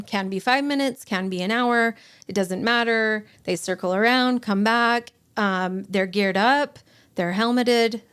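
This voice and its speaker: A woman's voice: medium pitch, clean tone. A woman in her forties, a guest on a podcast, telling a personal story in short, broken sentences and acting out the voices of the people in it. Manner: emotional, acts out quoted dialogue. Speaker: guest, bereaved mother.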